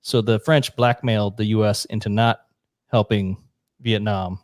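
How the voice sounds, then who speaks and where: A man's voice: on the low side, steady tone, unhurried, dry recording, clean studio sound. A man co-hosting a talk show, explaining history at length in a blunt, profane, casual way. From United States. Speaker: podcast co-host. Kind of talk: casual chat.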